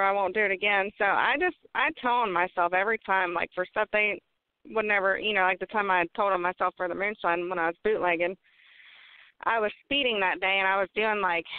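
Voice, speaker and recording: Lady guest, laughs a lot and cusses, smooth voice, tinny phone sound. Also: medium pitch, no echo. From West Virginia. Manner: laughs often, swears casually. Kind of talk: casual storytelling. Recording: phone-like line.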